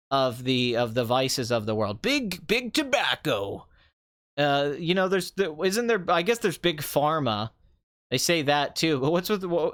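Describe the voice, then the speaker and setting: A man's voice: a little high, a bit bright, clear, resonant tone. A young man hosting a casual movie review talk, ranting sarcastically with mocking asides. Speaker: movie review podcast host.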